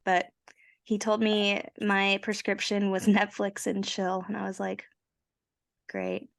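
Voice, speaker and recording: A young woman co-hosting a casual podcast, her voice hoarse from a cold, telling her story in a chatty, self-mocking way. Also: mid-range voice, little pitch movement, measured pace. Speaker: podcast co-host. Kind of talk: casual chat.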